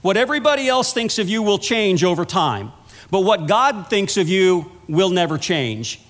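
A man with a notably high voice delivers a sermon, earnest and conversational like a storyteller. His words ring out with a long reverb from the church hall around him. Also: sing-song, moderate pace, a bit bright. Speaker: minister of pastoral care.

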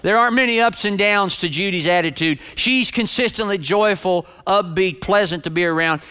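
A man's voice: high voice, normal speed, bright, forceful tone, clear, resonant tone. A man preaching a sermon to his congregation, earnest and direct, often repeating phrases for emphasis. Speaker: pastor.

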